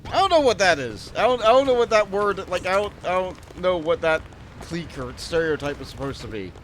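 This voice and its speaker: A man giving casual, animated commentary while playing a building game. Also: sits high, a little fast, slight background noise. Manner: animated, jumps between exclamations and mutters. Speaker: let's play streamer.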